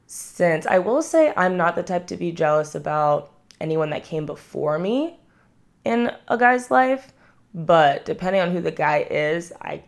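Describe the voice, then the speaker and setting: A young woman hosts a podcast, telling candid stories about her past with blunt humor and plenty of swearing. Her voice sits low and has a gravelly vocal fry. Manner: candid, self-mocking, swears freely. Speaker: podcast host. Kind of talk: casual confessional storytelling.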